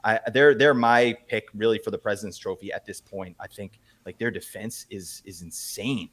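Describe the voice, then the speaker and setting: A man hosting a casual podcast chat, teasing his co-hosts and giving quick recaps. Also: lowish voice, fairly bright tone. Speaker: podcast host. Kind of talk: casual fantasy hockey chat.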